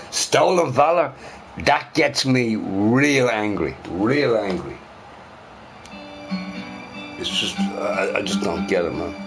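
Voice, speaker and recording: A man's voice: lowish voice, slow pace, pauses often, faint music behind. A young man ranting loosely to his live chat, swearing and repeating himself. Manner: animated, sweary, repeats phrases. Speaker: live streamer answering chat.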